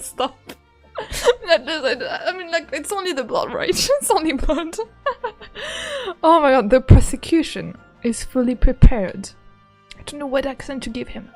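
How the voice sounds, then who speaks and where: Young woman streamer reacting to a game, super giggly and excitable, high voice, bit of music behind. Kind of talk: live game commentary.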